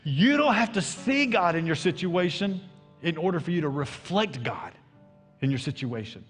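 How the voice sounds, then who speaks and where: A middle-aged man with a Southern American accent preaching a sermon as pastor, swinging between loud and hushed delivery. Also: fairly high pitch, very animated, normal speed. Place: church sanctuary. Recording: long hall reverb, faint music.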